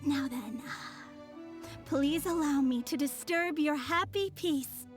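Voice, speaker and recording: A woman's voice: sits high, takes it slowly, soft background music. A woman voicing a composed, formal young female apprentice in a game. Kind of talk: game voice acting.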